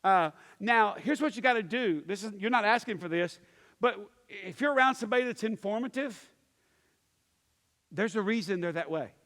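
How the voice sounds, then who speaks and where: In a long, reverberant hall, a Pittsburgh-area pastor teaches a church class at normal speed in a high, slightly bright voice with lively intonation. He acts out characters' voices while storytelling, with plenty of fillers and restarts.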